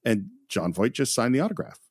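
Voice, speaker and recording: A man co-hosting a casual film commentary podcast, enthusiastic and quick to laugh. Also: medium pitch, very animated, a little mellow, breathy edge, dry recording, clean studio sound. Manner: enthusiastic, laughs often, acts out quotes. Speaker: podcast co-host.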